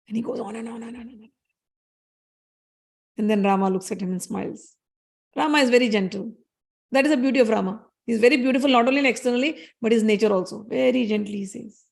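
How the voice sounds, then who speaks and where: Gravelly-voiced woman telling a devotional story. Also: mid-range voice, steady tone, brisk, darkish tone. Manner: explanatory, conversational. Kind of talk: devotional storytelling with Sanskrit verse recitation.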